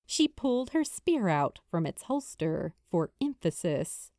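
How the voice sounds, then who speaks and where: A woman narrates a fantasy novel, unhurried and deliberate, her mellow voice rising and falling with the story. The sound is dry and close, with no room around it. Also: fairly low pitch, no echo. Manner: measured, expressive storytelling. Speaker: audiobook narrator. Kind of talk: scripted narration.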